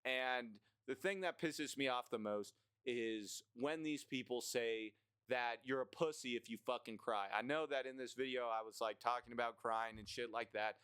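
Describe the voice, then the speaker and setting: A young man rattles off his grievances in a blunt, profane, rambling manner, stopping often for fillers and restarts. His voice is smooth and clear, at a middle pitch. The recording is dry and close, with almost no room sound. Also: normal speed, fairly bright tone, no echo. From United States. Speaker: vlogger. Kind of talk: ranting list monologue.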